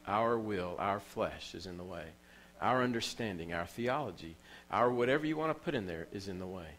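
A man's voice: lowish voice, expressive, normal speed, a bit bright, a little hiss or hum, low-quality recording. A man preaching a sermon in a church as pastor, telling stories with emotion and repeating phrases for emphasis.

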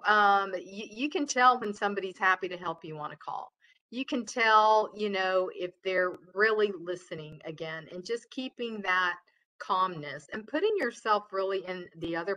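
Chatty bright-voiced woman trainer. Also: mid-range voice, low-quality recording. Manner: chatty, loud, many fillers and restarts. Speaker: customer service trainer. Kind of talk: casual webinar lecture.

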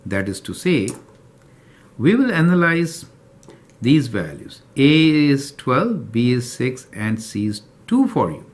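A man's voice: medium pitch, big pitch swings, takes it slowly. A man teaching a calculus lesson step by step, often checking in with the viewer. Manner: explanatory, checks in with "right?" and "do you see that?". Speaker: math teacher.

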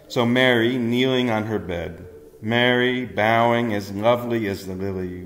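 Slow, tender male storyteller. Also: fairly low pitch. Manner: tender, playful storytelling with soft chuckles. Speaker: audiobook reader. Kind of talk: storybook narration.

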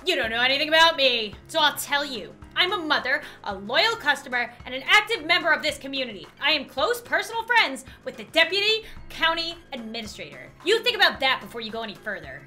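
A woman's voice: high-pitched, sing-song, fairly quick, few pauses, bright, forceful tone, faint music behind, full character voice. A woman voicing an entitled, demanding middle-aged customer in a game she reads aloud. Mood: indignant. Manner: indignant, bossy. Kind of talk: game dialogue read aloud.

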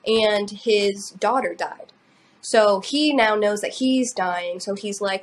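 A young adult woman shares a personal story on a podcast, in a loose, emotional, rambling way. Her voice sits at a middle pitch for a woman, and she often fills gaps with "like" and "you know.". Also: unhurried. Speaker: podcast co-host. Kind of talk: personal storytelling in casual chat.

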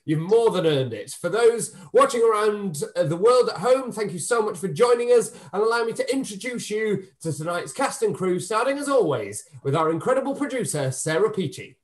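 An upbeat man hosts the wrap-up of a live online show. He sounds effusive and his voice sits high and moves around a great deal. He is heard over a video call. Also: expressive, normal speed, few pauses. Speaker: host and director.

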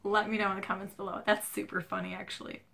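At home at night in dim light, a Midwestern American woman vlogs on a shaky handheld camera, recorded through its built-in mic. She rambles and puts herself down in a casual, chatty way, her medium-pitched voice quick, flat, gravelly, and sharp, sounding strained and stuffed up.

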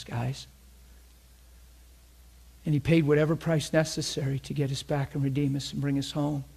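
Animated laughing male preacher. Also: a little high, creaky, slightly rough. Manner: animated, laughs often, drops to a hushed tone for reverent parts. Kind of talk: sermon with storytelling.

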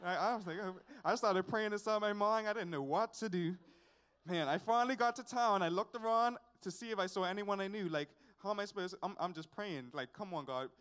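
A young man shares a testimony at a worship service, his voice pitched high. He tells it in an animated, repetitive way, full of sighs and asides. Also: a little fast, clean tone. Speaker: church member giving a testimony. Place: church service.

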